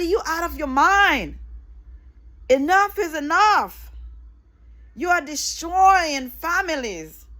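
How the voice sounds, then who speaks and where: A woman's voice: high voice, a bit bright. A middle-aged woman vlogging an impassioned, angry political rant, repeating phrases for emphasis and swearing freely.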